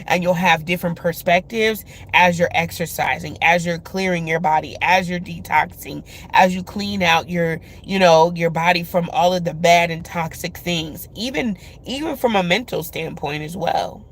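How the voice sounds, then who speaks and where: A woman's voice: fairly low pitch, normal speed, hardly any pauses, a little hiss or hum. Woman host for a casual spiritual love reading, chatty, filler-heavy, addresses viewers directly. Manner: chatty, many filler words.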